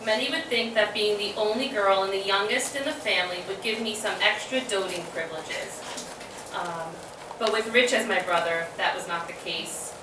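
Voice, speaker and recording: A woman's voice: mid-range voice, normal speed. Woman giving a fond, wry eulogy. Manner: fond, wry storytelling with soft laughs. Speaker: eulogist, sister of the deceased. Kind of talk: memorial eulogy read from notes. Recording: echoey room from a distant mic with ambient noise.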